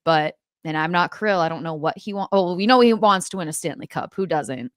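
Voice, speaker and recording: A woman's voice: fairly low pitch, brisk, no echo, clean studio sound. A woman co-hosting a hockey podcast in a laid-back, casual way, with lots of "like" fillers. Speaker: podcast co-host and in-arena host.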